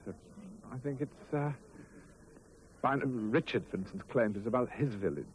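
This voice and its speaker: A man's voice: medium pitch, moderate pace, a little hiss or hum, rough recording. A man from Ireland, an actor answering interview questions in a playful way, restarting phrases and laughing at his own jokes. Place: film location.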